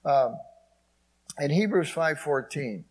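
A man's voice: on the high side, lively intonation, slow pace, rough recording. A man preaching a sermon, quoting scripture and dropping in frequent amens. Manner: preaching with frequent "amen" asides and scripture quotes. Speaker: pastor.

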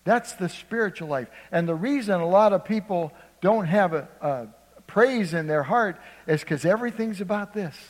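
Preacher guy telling a story in a sermon, kinda high voice, big echoey church hall. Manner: storytelling, acts out voices, asks congregation for response.

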